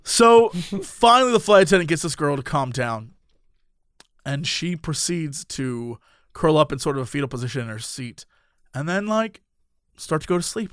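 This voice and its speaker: A man's voice: fairly high pitch, a little slow, long pauses, smooth, no room sound, studio quality. A man animatedly telling a funny anecdote, acting out the people in it. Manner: lively, acts out the people in his story. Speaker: storyteller on a podcast.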